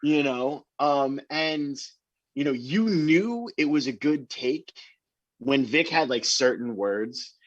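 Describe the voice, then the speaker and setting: A band member telling an animated story in an interview, talking excitedly about recording. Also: male voice, mid-range voice, slow, no echo, dull audio.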